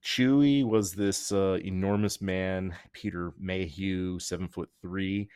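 A man with a very low, deep voice hosts a podcast, talking in a loose, rambling, joking way that often trails off and restarts. The sound is close and dry, with no room sound around him. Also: fairly even intonation, slow pace, darkish tone, smooth, no room sound. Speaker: podcast host. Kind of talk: casual chat.

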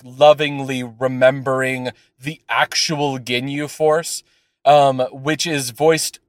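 A man's voice: mid-range voice, no echo. A man chatting casually on a podcast, rambling with lots of fillers and swearing as he rants. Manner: animated, profane, rambling with fillers. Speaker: podcast co-host. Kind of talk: casual chat.

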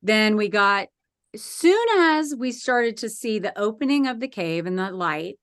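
A woman guest on a podcast, telling a personal story in a lively way and acting out the voices in it. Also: mid-range voice, a little slow, dry recording, studio quality.

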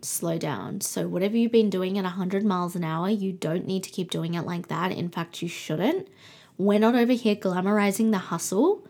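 Breathy young woman hosting a spiritual podcast. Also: mid-range voice. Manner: soft, soothing, slows down for affirmations. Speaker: podcast host. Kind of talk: spiritual card-reading podcast talk.

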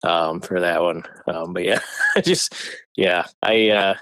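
A man's voice: low voice, fairly even intonation, slow pace, sharp tone, no room sound. A man co-hosting a casual movie chat, laughing often and hedging with fillers. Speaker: podcast co-host.

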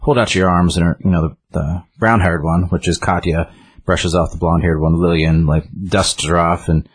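A man's voice: sits low, steady tone, moderate pace, breathy edge. A man casually retelling a book's story in a rambling way, with many restarts and fillers. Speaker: book reviewer.

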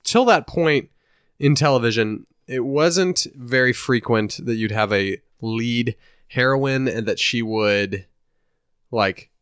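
A man's voice: medium pitch, takes it slowly, fairly bright tone, clean tone, no room sound, clean studio sound. A man co-hosting a podcast, chatting casually and hesitantly about sitcom rankings. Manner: hesitant, restarts while ranking shows. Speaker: podcast co-host. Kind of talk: casual chat.

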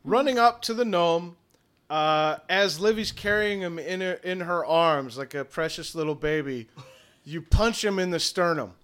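A man's voice: a little high, a little slow, a bit bright, smooth. A man narrating a tabletop role-playing game as game master.

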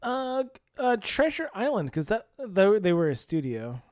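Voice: mid-range voice, sing-song, unhurried, darkish tone, dry recording, studio quality. This co-host has a mid-range voice that jumps around a lot. They tell stories animatedly in a casual podcast chat, swearing freely and laughing along.

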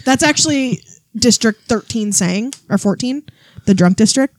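A woman's voice: fairly high pitch, expressive, moderate pace, no room sound. A woman co-hosting a casual podcast, throwing in sarcastic, crude quips. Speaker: podcast co-host. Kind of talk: casual chat.

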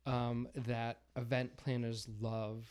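A middle-aged man from Massachusetts with a Boston accent, chatting as a podcast guest in an animated, self-deprecating way. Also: medium pitch, takes it slowly, clean tone. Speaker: guest, floral designer. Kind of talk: casual podcast interview.

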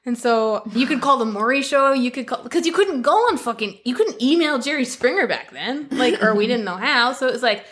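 A woman's voice: sits high, animated, a little fast, few pauses, fairly bright tone. A young woman from Canada co-hosting a podcast, telling stories in casual, chatty talk full of swearing and laughter. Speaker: podcast co-host. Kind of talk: casual chat.

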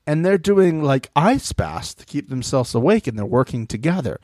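Animated high-voiced man chatting. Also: normal speed, no room sound, clean studio sound. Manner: animated, mocking, swears freely. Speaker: podcast co-host. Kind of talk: casual chat about reality TV.

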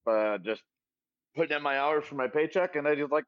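A man's voice: fairly high pitch, a little fast, no room sound, highs cut off. A man co-hosting a casual podcast, chiming in with dry, wry asides. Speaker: podcast co-host. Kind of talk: casual chat.

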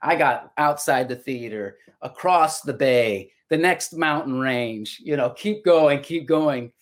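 Speaking slowly at a medium pitch, a middle-aged voice actor chats casually on a podcast as a guest. He reflects and tells stories, restarting sentences often along the way.

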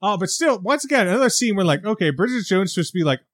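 A man's voice: high voice, very animated, fast, no room sound. A man co-hosting a casual movie chat, recapping scenes and acting out his reactions. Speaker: podcast co-host.

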